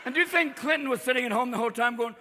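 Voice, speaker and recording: A man doing a live stand-up set, manic and profane, jumping in and out of quick impressions. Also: very high-pitched, sharp tone. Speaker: stand-up comedian. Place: on stage before a live audience. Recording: live crowd laughter, noisy hall.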